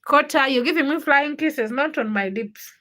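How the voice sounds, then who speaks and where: A woman's voice: high-pitched, moderate pace, sharp tone. A woman from Uganda, chatting casually on her livestream, greeting viewers by name and teasing them. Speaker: livestream host. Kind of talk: casual live stream chat reading viewer comments.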